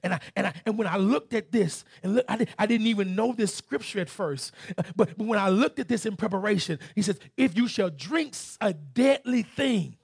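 Man, Southern US accent, preacher, sermon, shouted scripture and halting storytelling, dry recording. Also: high-pitched, lively intonation, creaky, slightly rough, no room sound. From Southern United States.

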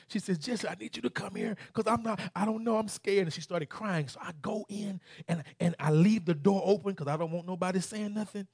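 A man with a Southern US accent preaching a sermon. He shouts scripture, then tells a story in a softer, halting voice. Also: high-pitched, no room sound, studio quality. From Southern United States.

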